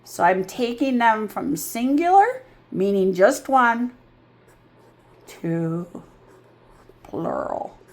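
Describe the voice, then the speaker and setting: Woman reading tutor, slow and patient, breaking words into sounds. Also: on the high side, big pitch swings, darkish tone. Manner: patient, drawn-out explaining. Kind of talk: phonics lesson.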